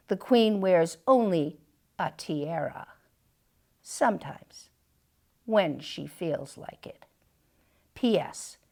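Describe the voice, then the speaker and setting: A woman's voice: fairly low pitch, creaky, exaggerated voice. A woman reading a picture book aloud, voicing a regal, haughty house cat who thinks she is queen, with a lofty, dismissive manner. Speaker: storytime reader.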